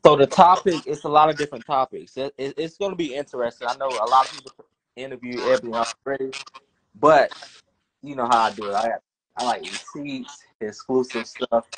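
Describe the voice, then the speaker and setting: A man's voice: mid-range voice, a little fast, slight background noise, low-quality recording. A man co-hosting a casual chat show, joking and laughing often. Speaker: host.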